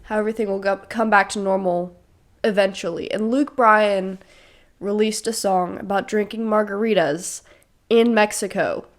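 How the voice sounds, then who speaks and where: Young woman host, slightly under the weather, eager fan chatter, mid pitch. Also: fairly even intonation, normal speed. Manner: chatty, enthusiastic fan talk with fillers. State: slightly sick. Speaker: podcast host. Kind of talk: casual solo podcast chat.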